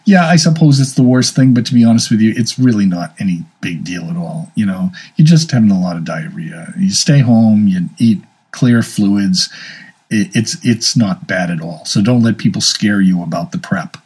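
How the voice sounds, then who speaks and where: Husky, mellow-voiced man in his fifties. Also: fairly low pitch, normal speed, rough recording. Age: 50s. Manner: candid, storytelling, self-deprecating. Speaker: speaker sharing health advice. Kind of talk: casual personal monologue.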